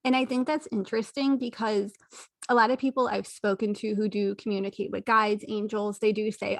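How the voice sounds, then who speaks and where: A woman hosting an interview podcast talks with her guest in a casual conversation, affirming them and thinking aloud as she works through her ideas. Her medium-pitched voice is fairly even, at normal speed, in a clean studio recording without echo.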